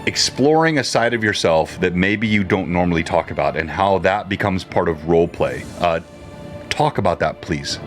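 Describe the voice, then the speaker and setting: A man with a low voice hosts a casual live stream, and his pitch swings widely as he talks. He jumps in eagerly and repeats himself as he gets going. Faint music plays underneath. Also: moderate pace. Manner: animated, interrupts eagerly, repeats words. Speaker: host.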